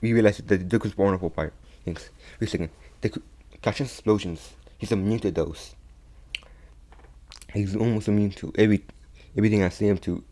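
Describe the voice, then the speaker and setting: Halting young man retelling a fan story. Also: lowish voice, mellow. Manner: halting, many restarts and repeats.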